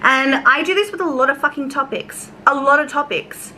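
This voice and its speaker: A woman's voice: high voice, normal speed, bright, forceful tone, a little hiss or hum, rough recording. A young Australian woman telling a casual storytime rant to her viewers, chatty and swearing freely as she acts out exchanges. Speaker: YouTube commentary creator.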